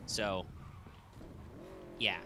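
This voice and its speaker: A male co-host in casual gaming chat with a bright, forceful voice. He rambles in an animated way, stacks up asides and swears freely, over a faint hiss of background noise. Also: very slow. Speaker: podcast co-host.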